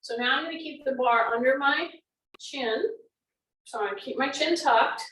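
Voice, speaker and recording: A woman's voice: sits high, moderate pace, fairly bright tone, far from the mic. A woman fitness instructor, coaching a class through exercises and repeating cues. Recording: echoey room, away from the mic.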